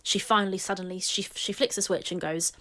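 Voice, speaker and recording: A woman's voice: mid-range voice, fairly even intonation, brisk, fairly bright tone. A woman giving blunt, analytical commentary who swears freely. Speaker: video commentator. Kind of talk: narrated commentary.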